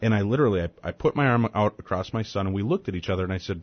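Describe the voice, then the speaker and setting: A man in his forties with a fairly low voice hosts a radio talk show, talking casually and with animation. The sound is a little dull and lo-fi. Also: very fast, few pauses. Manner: animated storytelling, conversational.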